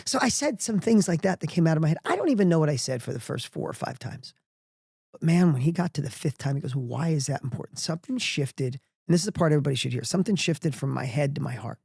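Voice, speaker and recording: A middle-aged man telling a personal story as a podcast guest, energetic and emphatic, often restarting his sentences. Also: on the high side, fast, vocal fry, slightly rough, no echo, studio quality.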